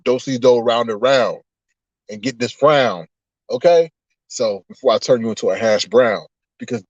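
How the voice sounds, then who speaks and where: A man chatting casually on a livestream with his viewers, animated and laughing often as he drifts into preachy asides. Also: mid-range voice, dry recording, dull audio. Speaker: online streamer.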